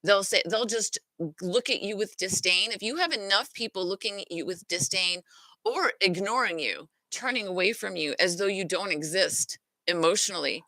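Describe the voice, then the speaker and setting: A woman's voice: mid-range voice, normal speed, pushed and bright, no room sound. A middle-aged woman hosting a self-worth lesson, talking casually and earnestly, often stopping to restart or correct herself. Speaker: self-worth teacher and host. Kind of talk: casual spoken teaching talk.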